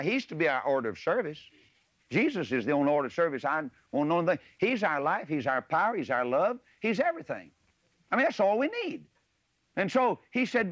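A man preaching a sermon, slipping from homely asides into lifted, ringing scripture. His voice sits a little high and swings widely in pitch. The recording is dry and close, with a dull, lo-fi sound. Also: no echo. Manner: folksy asides that swell into loud preaching on scripture.

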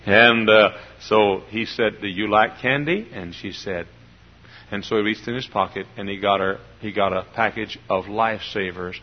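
Man, preacher, folksy storytelling sermon, hushed to loud bursts, muffled lo-fi sound. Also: fairly low pitch, gravelly, slightly rough. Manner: folksy, swings from hushed to loud emphatic outbursts. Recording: dull lo-fi sermon recording.

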